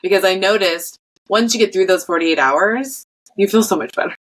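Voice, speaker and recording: A woman's voice: medium pitch, moderate pace, rough recording. A woman host talking frankly and casually, with the odd swear word. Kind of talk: casual conversation.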